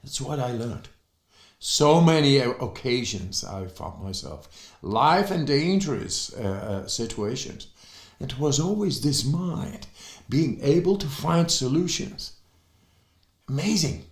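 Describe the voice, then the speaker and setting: Guy, excited talk full of uhs and restarts, slow, roomy echo. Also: medium pitch. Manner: excited, halting with fillers and restarts. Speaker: speaker on breathing and cold. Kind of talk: motivational talk. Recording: echoey room.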